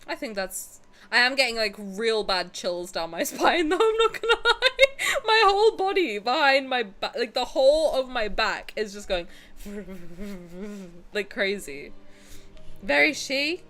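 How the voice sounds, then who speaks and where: A young woman streamer chatting casually with her viewers on a headset, cheeky and animated, swearing and laughing freely. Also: fairly high pitch, unhurried. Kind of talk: casual live-stream chat. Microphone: headset with headphones.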